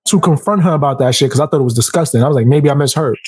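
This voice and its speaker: A man's voice: mid-range voice, very fast, a little mellow, breathy edge, dry recording. A man hosting a casual podcast chat, telling stories animatedly and acting out quotes in a raised voice. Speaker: podcast host.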